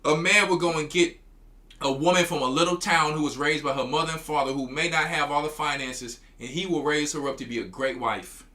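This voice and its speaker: High, bright-voiced scolding preacher man. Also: a little fast. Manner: scolding, repeats words and restarts. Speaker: church elder commenting on clips. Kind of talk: preaching commentary.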